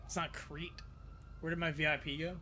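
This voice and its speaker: A man's voice: a little high, little pitch movement, moderate pace, bright, forceful tone, a little hiss or hum. A man streaming a role-play game, talking to himself, swearing often and swinging between frustration and disbelief. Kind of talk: live game-stream commentary.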